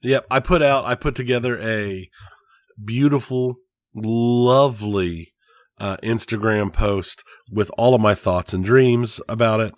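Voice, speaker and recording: A man's voice: fairly low pitch, measured pace, dry recording, clean studio sound. A man co-hosting a podcast in casual chat, wry and joking. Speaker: podcast co-host.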